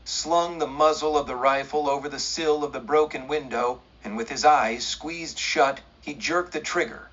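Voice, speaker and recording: A man narrating a western audiobook in a steady, measured way. His voice is husky and sits at a medium pitch. The lo-fi recording sounds dull.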